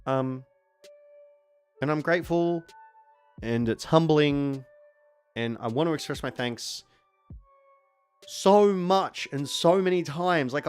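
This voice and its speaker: A man in his forties with an Australian accent and a fairly high-pitched voice chats casually on a stream. He rambles along, sometimes bursting into excited shouting.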